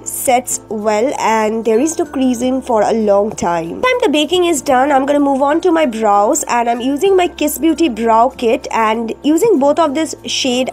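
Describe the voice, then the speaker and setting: A high-pitched woman talks through a makeup tutorial as a voice-over, explaining each step in turn. Her voice sounds groggy from a cold, and she often pauses or fills gaps with "uh". Soft music plays faintly behind her. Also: expressive. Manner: step-by-step explaining with frequent fillers. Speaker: beauty vlogger.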